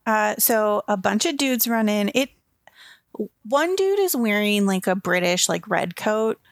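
Gravelly woman summarizing casually. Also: medium pitch, a little slow, no room sound, studio quality. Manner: relaxed, filler-heavy summarizing. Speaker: podcast co-host. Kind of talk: casual chat.

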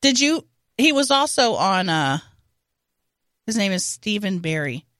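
A woman's voice: mid-range voice, big pitch swings, measured pace, a bit bright, no echo, studio quality. A woman co-hosting a casual comedy podcast, wry and analytical. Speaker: podcast co-host. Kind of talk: casual chat.

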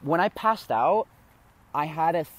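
A man's voice: fairly high pitch, lively intonation, moderate pace. A man casually telling a long story on a podcast, rambling with many fillers and swearing freely. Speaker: podcast co-host.

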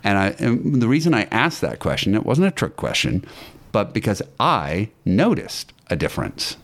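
Guest actor, very deep male voice, rambling storyteller with ums and false starts. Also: very animated, normal speed. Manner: anecdotal, hesitant with ums and restarts. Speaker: guest actor and acting teacher. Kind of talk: casual podcast storytelling.

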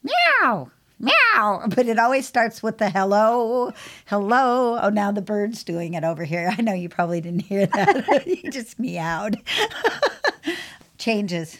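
A woman's voice: mid-range voice, sing-song, measured pace. Chatty woman podcast host and groomer. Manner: chatty, laughs often, mimics her cat meowing. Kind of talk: casual chat.

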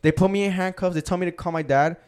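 A young man tells wild party stories on a casual podcast, swearing freely and saying "bro" again and again. His voice sits a little high and sounds smooth and clear. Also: fast. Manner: profane, animated storyteller, says "bro" a lot. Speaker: podcast co-host. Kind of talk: casual storytelling chat.

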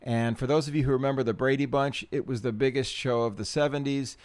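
A man's voice: mid-range voice, fairly even intonation, fast, darkish tone, no echo. A middle-aged man hosting his own podcast in a chatty, self-deprecating way, with ums and small laughs. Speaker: podcast host. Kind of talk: casual solo podcast talk.

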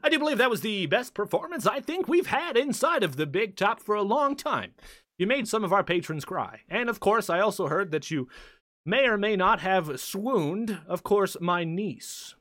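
A man's voice: big pitch swings, moderate pace, a bit bright, no echo, studio quality. A man voicing a flamboyant male carnival ringmaster in a showy, theatrical announcer manner. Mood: polite host. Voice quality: high, theatrical showman voice. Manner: grand announcer delivery, prim and flustered.

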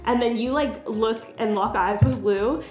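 A chatty young woman, pitched a little high, tells a game story in casual podcast chat, leaning hard on fillers like "like." The room rings with echo, and a faint music bed sits underneath. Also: unhurried, a little mellow. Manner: chatty, filler-heavy, laughs often. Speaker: podcast co-host.

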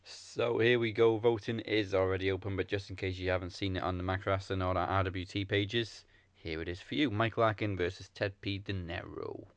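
Deep smooth male host. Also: moderate pace, no room sound. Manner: calm, matter-of-fact announcing. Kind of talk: casual wrestling chat.

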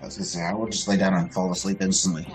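A man's voice: low voice, little pitch movement, very fast, a little mellow, soft background music. A man playing a tabletop role-playing game, chatting casually and making offhand jokes. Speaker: player.

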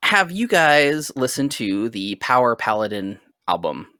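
A man co-hosting a casual podcast chat, excitable and rambling, laughing often. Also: mid-range voice, a little slow, no room sound, studio quality. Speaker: podcast co-host.

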